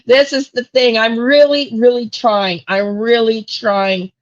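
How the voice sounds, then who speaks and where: A woman's voice: a little high, fairly even intonation, slow pace, muffled recording. A woman hosting a true crime channel, ranting bluntly and angrily with plenty of profanity on a live stream. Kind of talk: live-stream soapbox rant.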